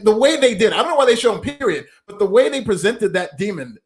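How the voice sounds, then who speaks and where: A man's voice: high-pitched, sing-song, fast. A man co-hosting a wrestling podcast, giving emphatic, opinionated takes in casual chat.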